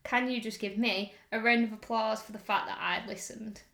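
A woman's voice: fairly high pitch, fairly even intonation, moderate pace, gravelly, fairly bright tone, reverberant. A woman co-hosting a fitness podcast, playful and teasing in casual chat. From England. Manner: playful, teasing, laughs often. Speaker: podcast co-host.

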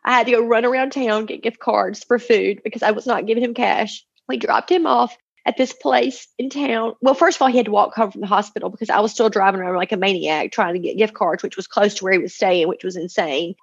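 A woman's voice: medium pitch, a little fast, vocal fry, slightly rough. A woman in her forties, a mother, telling an emotional personal testimony in an earnest, tumbling way, acting out the voices she quotes. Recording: dull lo-fi recording.

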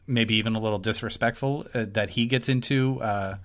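A man's voice: fairly low pitch, fairly quick, fairly bright tone. Rambling male podcast co-host. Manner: rambling, searching for words. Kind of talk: casual discussion.

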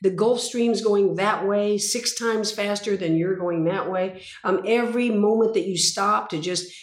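A woman's voice: mid-range voice, a little slow. An older woman in her sixties, a guest in an interview, telling stories intensely and dramatically. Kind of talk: interview conversation. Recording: roomy echo.

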